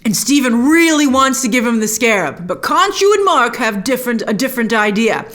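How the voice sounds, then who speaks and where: A woman hosting a casual TV episode review, animated and quick to act out lines from the scenes in put-on voices. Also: on the high side. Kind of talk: casual chat.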